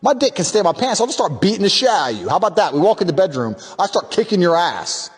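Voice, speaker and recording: A man's voice: high-pitched, big pitch swings, quick pace. Taunting man in a reverberant clip. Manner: taunting, aggressive.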